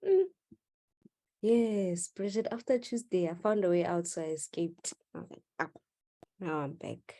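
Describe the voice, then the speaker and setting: A woman's voice: medium pitch, normal speed, dark tone. A woman teaching maths in a live online class, playful and teasing with her students. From South Africa.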